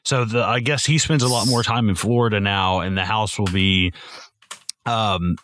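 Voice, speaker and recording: A man's voice: fairly low pitch, fairly even intonation, normal speed, a bit bright, slight background noise. A man hosting a casual film-review podcast, rambling and swearing with enthusiasm. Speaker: podcast host.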